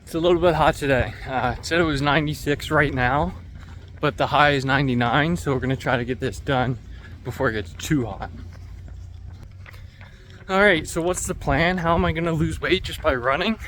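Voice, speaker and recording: A man's voice: on the high side, normal speed, a bit bright, a little hiss or hum. A man out of breath, chatting and joking to a camera he carries while running outdoors in the heat. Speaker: running vlogger. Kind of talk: casual vlog commentary while running. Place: outdoors on city streets in the heat.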